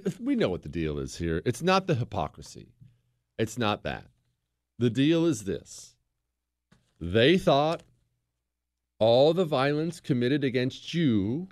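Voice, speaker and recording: A man's voice: mid-range voice, a little mellow, no room sound, clean studio sound. A man hosting a political commentary show, talking in a sarcastic, teasing, exasperated way. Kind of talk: sarcastic monologue.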